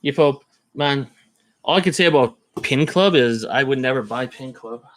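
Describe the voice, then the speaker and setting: A man's voice: medium pitch, normal speed. A man rambling in casual live-stream chat, thinking aloud as he browses card listings. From Canada.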